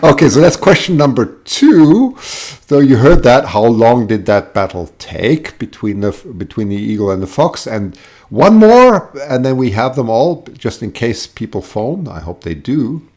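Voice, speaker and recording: A man's voice: mid-range voice, very animated, a little slow, a little mellow. A man hosting a live call-in show, chatting casually and rambling, with lots of fillers and restarts.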